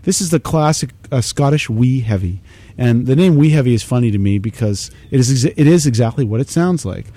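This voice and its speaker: Male host, warm mellow tone, knowledgeable and chatty about beer, loose and rambling. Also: mid-range voice, lively intonation, fairly quick, dry recording. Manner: knowledgeable, explanatory, rambling with fillers. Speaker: beer tasting show host. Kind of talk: casual beer tasting chat.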